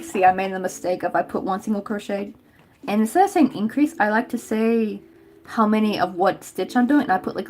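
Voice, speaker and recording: A young woman from Tennessee with a light Southern lilt, talking to her stream while she works on a craft. She rambles in a friendly, loose way, full of fillers and small laughs. Her pitch sits in the middle for a woman. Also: a little mellow, a little hiss or hum. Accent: Southern American. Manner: chatty and rambling, lots of "like" and laughs. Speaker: crochet livestream host. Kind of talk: casual livestream chat while crafting.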